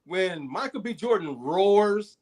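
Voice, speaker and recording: A man's voice: sits high, lively intonation, slow pace, darkish tone. A man chatting casually and joking on a live movie stream. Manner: joking, laid-back. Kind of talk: casual chat.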